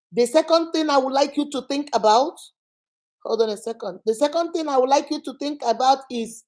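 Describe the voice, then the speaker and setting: A woman's voice: high-pitched, a little mellow. A woman host giving relationship advice straight to the viewer, firing off rhetorical questions and calling her "my sister". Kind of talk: direct-address advice talk.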